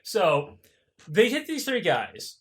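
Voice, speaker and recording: A young man co-hosting a podcast, telling a history story in a casual, profane way and acting out the people in it. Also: sits high. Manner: animated, profane, acts out characters in quick voices. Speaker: podcast co-host.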